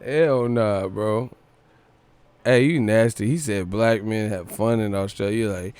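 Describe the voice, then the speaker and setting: A man's voice: fairly low pitch, unhurried, darkish tone, smooth, dry recording. A man hosting a livestream, casually reading comments aloud in a profane, slangy way, often breaking into laughter. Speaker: livestream host.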